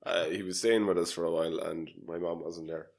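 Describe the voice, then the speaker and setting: A man's voice: low-pitched, steady tone, fairly quick, gravelly. A man from Ireland with an Irish accent, co-hosting a podcast in casual chat, telling stories animatedly and acting out quotes with laughter. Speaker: podcast co-host.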